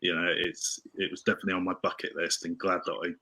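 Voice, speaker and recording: Bright-voiced excitable man. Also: low voice, fast, rough recording. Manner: excitable, tumbling restarts. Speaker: podcast guest. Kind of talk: casual storytelling interview.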